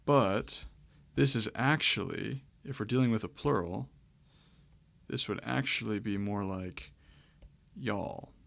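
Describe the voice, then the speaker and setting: A man with a low, gravelly voice gives a relaxed grammar lesson. He explains step by step and pads his sentences with fillers. The sound is dry and close, with no room echo. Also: unhurried. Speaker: Greek grammar teacher. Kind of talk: screen-share lecture.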